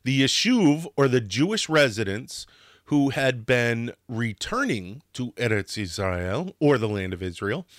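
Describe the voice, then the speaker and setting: A man's voice: medium pitch, sing-song, measured pace, dry recording, studio quality. A man hosting a history talk, telling it in a casual, passionate way that sometimes gets worked up, with restarts and a swear now and then. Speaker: history podcast host.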